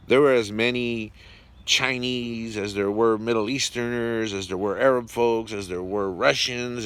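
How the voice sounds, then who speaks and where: A man telling a personal work story in a casual, animated way, swearing freely, using street slang and many fillers. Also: mid-range voice.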